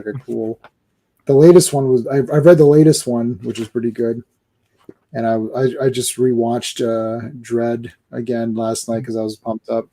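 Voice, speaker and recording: A man hosting a casual livestream chat, excitable and rambling, with lots of restarts and "like". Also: mid-range voice. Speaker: host.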